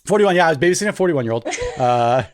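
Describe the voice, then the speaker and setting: Racing along in a slightly high voice, a young man co-hosting a podcast tells a story in casual chat. He's animated and loudly acts out the quoted voices.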